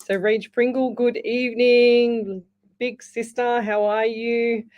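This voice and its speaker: A woman's voice: on the high side, little pitch movement, slow, highs cut off. A woman hosting a live radio show, giving psychic readings in a reassuring, repetitive way with many restarts. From Australia. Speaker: psychic medium radio host.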